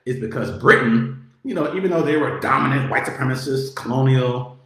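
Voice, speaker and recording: A man speaking at an average pitch, talking in a casual monologue that is animated and full of profanity. He leans heavily on filler words as he goes. His voice bounces around a very echoey room. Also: a little fast. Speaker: political commentator.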